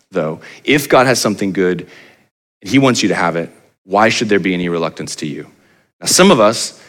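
Animated male pastor preaching. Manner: animated, pitch rising for emphasis, asks the crowd rhetorical questions. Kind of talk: sermon.

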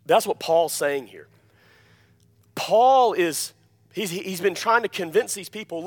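A pastor with a high-pitched voice preaches emphatically to his congregation, repeating key phrases and checking in with a questioning "Amen?" He's animated yet slow, leaving long pauses and swinging between loud, forceful points and quiet, low-voiced asides.

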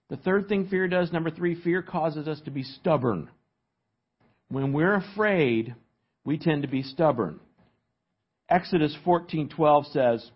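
A man preaching a sermon as pastor, teaching from an outline and asking his listeners to fill in the blanks, with emphatic, animated delivery. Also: a little high, husky, muffled recording.

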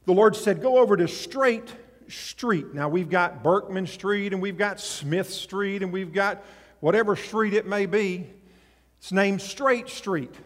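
A man preaching a sermon as pastor, animated, acting out voices from scripture and swinging between loud and soft. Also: high voice, a little slow, big-room sound. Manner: animated, acts out voices in scripture, rises and drops in volume.

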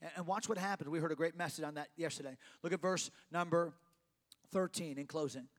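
A middle-aged man preaching a sermon, emphatic, swinging from loud to quiet and repeating phrases for effect. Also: fairly high pitch, fairly quick, long reverb tail.

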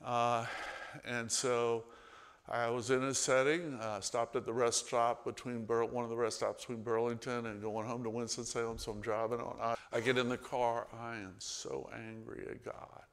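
A man preaches to his congregation in a loose, storytelling way. He swings between loud emphasis and hushed asides. His voice rings with the long reverb of a church hall. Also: mid-range voice, little pitch movement, normal speed, clean tone. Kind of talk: sermon. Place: church sanctuary.

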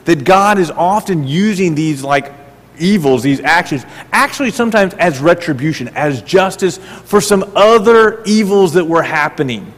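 A middle-aged man preaching a sermon as pastor, animated and full of rhetorical questions, often repeating his words. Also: fairly high pitch, moderate pace. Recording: reverberant hall.

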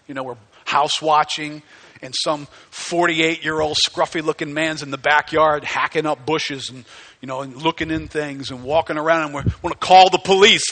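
Animated, bright-voiced male preacher. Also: fairly high pitch, normal speed. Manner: animated preaching, swinging from hushed to near-shouting. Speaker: pastor. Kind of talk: sermon.

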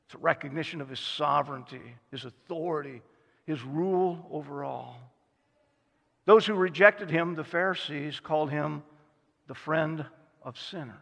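A man's voice: fairly high pitch, gravelly, fairly bright tone, long reverb tail. A man preaching a sermon as a pastor, telling stories and acting out the voices of the people he quotes. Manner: storytelling, acts out quoted voices.

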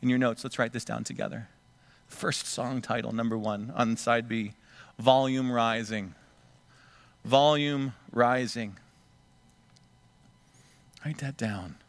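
A man's voice: mid-range voice, steady tone, normal speed, gravelly, a bit bright, no room sound. A man preaching a sermon, acting out the scripture voices dramatically. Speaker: pastor.

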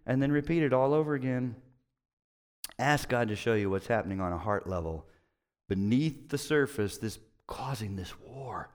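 A man's voice: medium pitch, lively intonation, normal speed, a little mellow. A middle-aged male pastor preaching in a conversational, storytelling way with self-mocking humor. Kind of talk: sermon.

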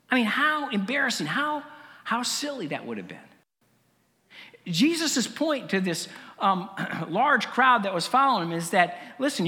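A middle-aged man preaching a sermon as pastor, conversational, with fillers and frequent throat clearing. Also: high voice, sharp tone, big-room sound.

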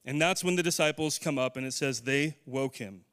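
A man's voice: mid-range voice, a little fast, a bit bright, smooth. A middle-aged man preaching a conversational sermon, putting questions to his congregation. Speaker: pastor.

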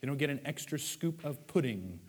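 A man's voice: mid-range voice, lively intonation, brisk, a little mellow, husky, long reverb tail. A man preaching a sermon in a conversational way, with playful acted asides. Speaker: pastor.

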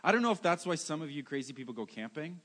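High-voiced emphatic preacher man. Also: very animated, fast, a bit bright. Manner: emphatic, repeats key words, self-mocking asides. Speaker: pastor. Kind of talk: sermon.

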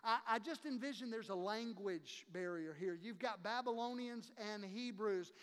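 A pastor gives a sermon with impassioned emphasis, his voice sitting very high for a man. He acts out the people he quotes, and his words ring through a long, reverberant church hall. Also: normal speed.

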